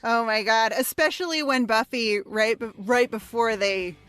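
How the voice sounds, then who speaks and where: A woman co-hosting a podcast in casual chat, animated and laughing often. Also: a little high, soft background music. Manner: animated, laughing, quick asides. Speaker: podcast co-host.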